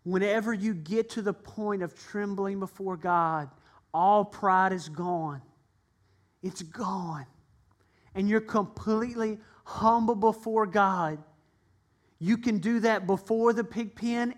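A man's voice: sits high, slow pace. A man pastor preaching a sermon, earnestly and emphatically, acting out the voices in his retelling. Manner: dramatic retelling with acted-out voices.

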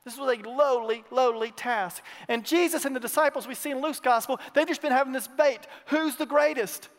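A male pastor with a strikingly high voice preaches a sermon in a church, speaking a little fast. He swings between loud declarations and hushed asides and repeats his phrases. Long reverb from the hall lingers behind every line.

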